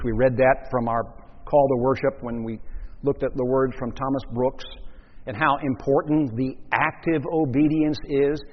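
A man's voice: mid-range voice, a little hiss or hum. A male pastor preaching an emphatic sermon, leaning on key words and repeating them for stress, recorded in a church with long reverb and dull, lo-fi sound.

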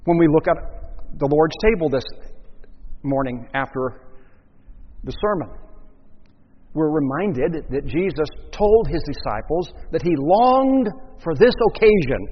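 A male pastor delivers an emphatic sermon, stressing and repeating key words. His voice is husky and a touch high. The recording is dull and lo-fi, with a long church reverb behind every line. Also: sing-song, unhurried, pauses often.

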